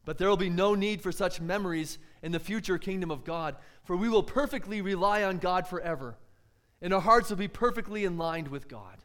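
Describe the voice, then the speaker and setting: A man with a fairly high voice delivers a sermon as a preacher. He talks earnestly and often turns to his listeners with rhetorical questions. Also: a bit bright.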